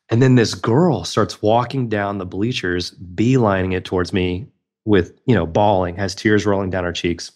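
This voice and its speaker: A man's voice: sits low, normal speed. A man in his thirties, a podcast guest telling a personal story in an earnest, reflective way.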